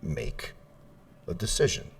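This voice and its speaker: A man, a dog trainer, talking casually and animatedly in a podcast interview, often acting out owners and dogs in high mock voices. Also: slow, distant mic.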